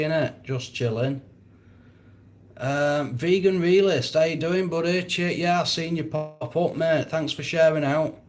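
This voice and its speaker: Slow-talking laid-back man. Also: medium pitch. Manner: laid-back, swears a lot, laughs often. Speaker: livestream host. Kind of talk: casual livestream chat reading comments.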